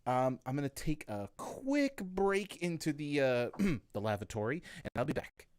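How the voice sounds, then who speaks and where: Playful co-host, lively pitch, casual chat, dry sound. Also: measured pace, clean tone, no room sound.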